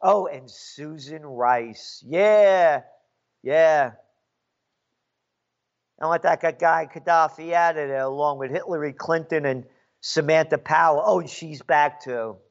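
A man's voice: a little high, slow, highs cut off. A man delivering an angry, sarcastic political rant as a commentator. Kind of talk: ranting monologue.

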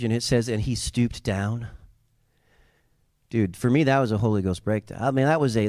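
A male pastor preaching an animated sermon, moving between quiet asides and loud, yelling passages. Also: lowish voice, dry recording, studio quality.

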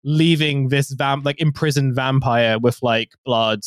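A man's voice: mid-range voice, measured pace, clean tone, dry recording, studio quality. A man on a podcast, casually recapping a film plot in a rambling way, full of fillers. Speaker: podcast co-host.

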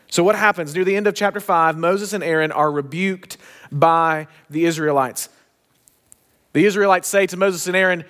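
A pastor preaching a sermon, telling a story with emphatic, shifting pace. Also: male voice, sits high, fairly bright tone.

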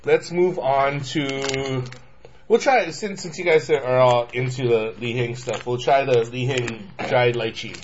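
A man's voice: mid-range voice, measured pace. A man hosting a casual snack-tasting chat with friends, rambling and laughing easily. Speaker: host. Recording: lo-fi with steady noise.

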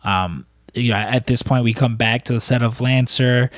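A man's voice: medium pitch, normal speed, no echo, studio quality. A man recapping a film in casual, rambling talk, full of fillers and swearing. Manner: rambling, profane, lots of fillers. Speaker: podcast co-host.

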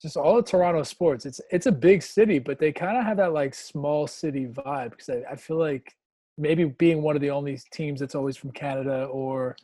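Mellow-voiced podcast host man. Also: a little high, normal speed, dry recording. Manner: relaxed, conversational, trails off into fillers. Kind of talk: casual chat. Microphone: video call.

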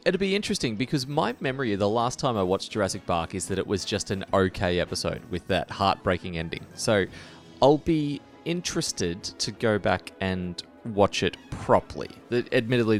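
A man's voice: lowish voice, very animated, a little fast, hardly any pauses, faint music behind. A man co-hosting a podcast, talking in a thoughtful, rambling way with many restarts. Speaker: podcast co-host. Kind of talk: casual podcast chat.

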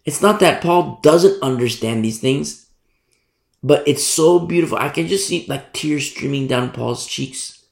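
Man preaching, gravelly voice, emphatic, repeats phrases, roomy echo. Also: a little high, measured pace. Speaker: pastor. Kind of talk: sermon.

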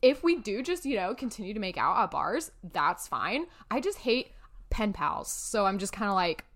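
A woman's voice: medium pitch, big pitch swings, moderate pace, fairly bright tone. A woman in her twenties, co-hosting a podcast, telling a story in casual chat and laughing often. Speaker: podcast co-host.

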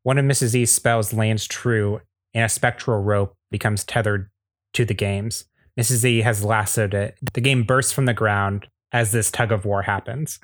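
A man's voice: lowish voice, fairly even intonation, normal speed, no echo, clean studio sound. A man reading scripted narration at a table read, with a few small slips and restarts. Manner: plain storytelling with small slips.

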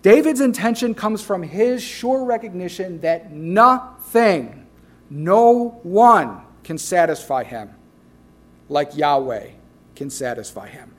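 Emphatic high-voiced preacher. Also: male voice, animated, takes it slowly. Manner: emphatic, swings between loud declarations and quiet asides. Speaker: pastor. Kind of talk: sermon.

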